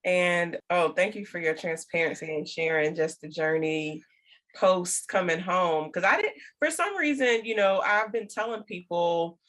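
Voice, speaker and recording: A woman hosting a podcast, gently thanking her guest and asking careful follow-up questions. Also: on the low side, animated, unhurried. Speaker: podcast host. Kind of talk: supportive interview questions.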